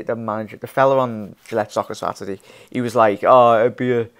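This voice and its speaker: A young man hosting a casual live stream, reading viewer comments, rambling with frequent laughs and restarts. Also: medium pitch. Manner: rambling, laughs often, many restarts, calls viewers fella and mate. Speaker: fan channel host.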